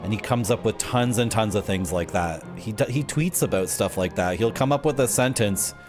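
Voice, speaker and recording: A man's voice: lowish voice, normal speed. Rambling male game streamer. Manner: rambling, jokey, tangent-prone. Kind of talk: live gameplay commentary. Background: game music.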